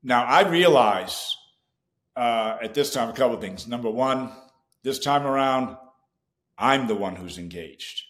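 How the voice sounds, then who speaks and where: A man, a podcast guest, telling a personal story in an animated way and acting out his own past dialogue. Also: medium pitch, a little slow, reverberant.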